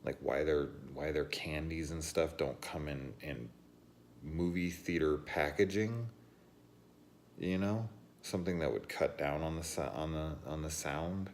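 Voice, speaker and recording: A man telling profane, animated stories in a casual vlog rant, laughing as he goes. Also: extremely low pitch, a little slow, slight background noise. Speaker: horror movie reviewer.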